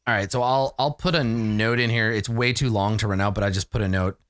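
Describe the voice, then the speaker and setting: A man's voice: fairly low pitch, fairly even intonation, a little fast, clean tone, no echo, studio quality. A man running a tabletop game as game master, laughing often while he narrates the action.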